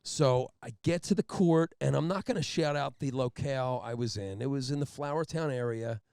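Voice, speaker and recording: A man's voice: medium pitch, moderate pace, vocal fry, clear, resonant tone, dry recording, studio quality. A man co-hosting a podcast, telling a story in casual chat and acting out the people in it. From Philadelphia area, Pennsylvania. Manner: animated storyteller who acts out the people he quotes. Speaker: podcast co-host.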